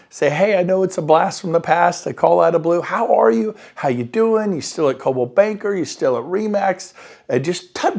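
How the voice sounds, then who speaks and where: A man coaching real estate agents on prospecting, talking with high enthusiasm and acting out quoted phone calls. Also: darkish tone. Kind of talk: motivational coaching talk. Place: Sacramento area.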